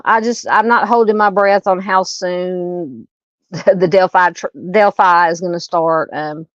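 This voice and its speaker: A middle-aged Southern woman with a lowish voice hosts a live true crime stream, chatting casually, greeting viewers, and reading comments in a rambling way full of fillers and restarts. She has the hiccups. Her intonation is fairly even, her pace measured, and the dull audio has no echo.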